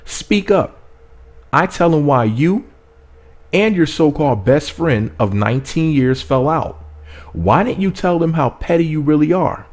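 A man reading as a furious sharp-tongued woman. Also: mid-range voice, animated, a little slow. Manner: mocking, exaggerated dramatic reading.

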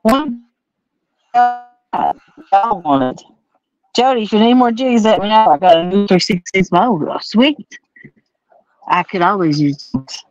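A woman's voice: mid-range voice, lively intonation, slow pace, pauses often, faint music behind. A woman hosting a fishing livestream from a pontoon boat at night, chatting and reading viewer comments in a drawling, playful way. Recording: slightly dull, lo-fi sound.

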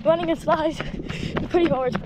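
High-voiced woman vlogging outdoors. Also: unhurried, very noisy. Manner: chatty, excitedly urging a dog on. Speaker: family vlogger. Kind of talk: casual outdoor vlog narration. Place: outdoors in a rural yard and field. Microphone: handheld phone camera.

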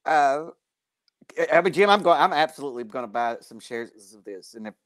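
A man co-hosting a live podcast, chatting in an excitable way and laughing as he riffs on jokes. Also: mid-range voice, a little fast, no room sound. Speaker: co-host. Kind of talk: casual podcast banter.

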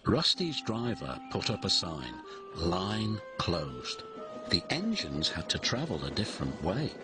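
A man narrating a children's read-along storybook in an expressive, dramatic way. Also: deep voice, moderate pace. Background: music.

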